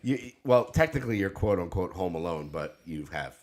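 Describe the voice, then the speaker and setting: A middle-aged man hosting a casual chat show, telling a story with a lively, swinging pitch. He talks loosely, laughs a lot and swears offhandedly. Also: moderate pace. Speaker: podcast co-host.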